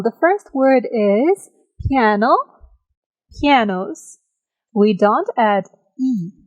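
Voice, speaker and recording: A woman teaching an English grammar lesson, drawing out each example word slowly and often checking in with a "right?". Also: medium pitch, a little mellow, low-quality recording. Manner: slow, careful, drawn-out example words; checks in with listeners by asking "right?".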